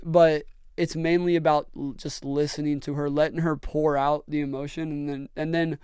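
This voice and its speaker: An earnest young man tells stories in a casual podcast chat, often restarting his sentences. His voice is very smooth and resonant, with a slightly high pitch. It sounds dry and close to the mic. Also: flat delivery, normal speed, a little mellow, dry recording. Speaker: podcast host and brand owner.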